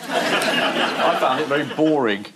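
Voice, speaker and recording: A man's voice: on the high side, animated, slow, a loud crowd. A man making dry, sardonic asides on a comedy panel show. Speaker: guest panelist. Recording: noisy studio with loud audience.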